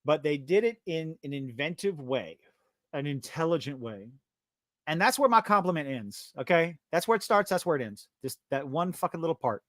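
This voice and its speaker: A man hosts a live-stream podcast in a fed-up, profane rant. His voice sits a little high, and the sound is dry and close with no room echo. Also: expressive, normal speed, fairly bright tone. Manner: profane, exasperated ranting. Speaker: podcast host.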